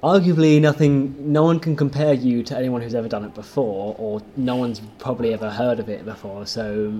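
A man's voice: mid-range voice, steady tone, brisk, warm tone. A young man actor in an interview, speaking offhandedly and hesitantly with dry humour. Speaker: lead actor. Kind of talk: casual interview.

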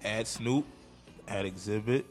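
Laid-back low-voiced man, slangy. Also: slow pace, a little mellow, faint music behind. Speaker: guest producer. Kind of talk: casual radio chat. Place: radio studio.

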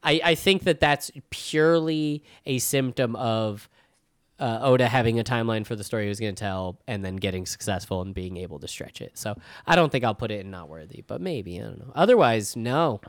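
A man's voice: medium pitch, expressive, a little fast, no echo, studio quality. A young man hosting a casual podcast chat, enthusiastic, often saying dude and swearing casually. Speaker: podcast host.

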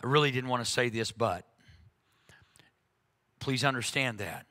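Bright-voiced earnest male preacher. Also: mid-range voice, measured pace. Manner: earnest, frank, with frequent fillers and restarts. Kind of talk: conversational sermon.

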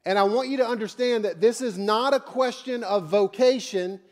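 A man with a notably high-pitched voice delivers a sermon from a church as its pastor. He preaches in a conversational way, slipping in jokes and blunt asides between the readings. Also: moderate pace.

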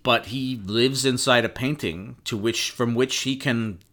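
A podcast co-host chats casually, rambling and swearing with enthusiasm. His mid-range voice is unhurried and fairly bright in tone.

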